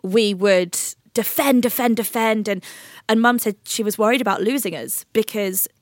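Young woman, podcast host, frank and chatty, mid pitch, dry sound. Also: normal speed, no room sound. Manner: frank and chatty, swears casually. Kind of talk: casual podcast conversation.

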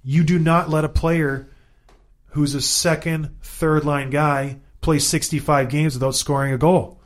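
Co-hosting a sports talk show, a Canadian former hockey player in his thirties speaks with a voice slightly higher than most men's, unhurried. Ranting with animated exasperation, he drives points home through repetition, in the casual banter of a former player.

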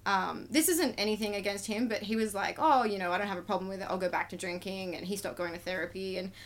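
A woman with a mid-range voice speaks fast as a podcast guest, a tattoo artist telling candid stories about her life. She's open and emotional, acting out quoted exchanges as she talks in a conversational way.

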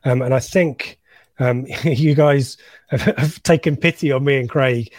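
A man co-hosts a casual live stream, reading viewer comments aloud with lots of ums and restarts. His voice sits at an ordinary pitch. The sound is dry and close. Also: unhurried, darkish tone, no room sound. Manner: rambling, many ums, reads names aloud. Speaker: co-host of a live fan stream.

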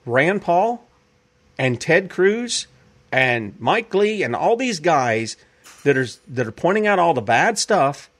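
An emphatic man delivers opinionated commentary as a show host. His voice sits a little high and swings widely in pitch, and he hammers home points by repeating them. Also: fairly bright tone. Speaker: podcast host.

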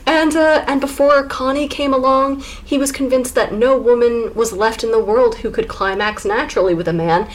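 A woman's voice: fairly high pitch, steady tone, normal speed, hardly any pauses. A woman co-hosting a podcast, sarcastically recapping a novel in casual chat and laughing often. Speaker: podcast co-host.

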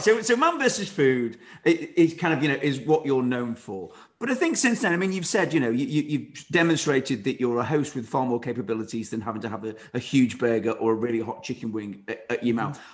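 A man's voice: mid-range voice, expressive, moderate pace. A man interviewing a guest in a casual conversation, asking questions with frequent stumbling restarts.

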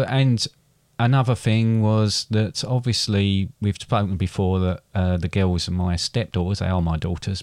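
A middle-aged man tells a family story as podcast co-host, often stumbling and repeating words. His voice sits on the low side. The recording is close and dry with no room sound. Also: darkish tone, dry recording. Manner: hesitant, repeats words, gets choked up. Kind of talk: casual storytelling chat.

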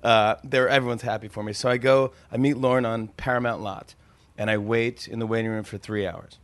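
A man, a comedian and TV host, telling animated stories and laughing often in a casual interview. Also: medium pitch, fairly quick, dry recording.

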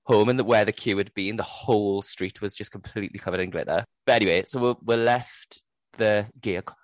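A man from Newcastle, England co-hosting a podcast, chatting casually and telling lively stories in which he acts out what people said in changed voices. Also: lowish voice, fairly quick, dry recording. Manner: animated storyteller who acts out quotes in changed voices. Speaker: podcast co-host. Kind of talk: casual chat.

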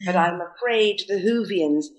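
A woman's voice: on the low side, unhurried, low-quality recording. A woman from Britain, a guest on a chat show, telling stories in a wry, self-mocking way. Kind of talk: casual chat.

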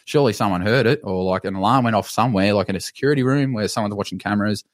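A man with an Australian accent telling a story on a podcast in a casual, animated way, swearing and laughing as he goes. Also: fairly low pitch, racing, no echo. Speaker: podcast co-host.

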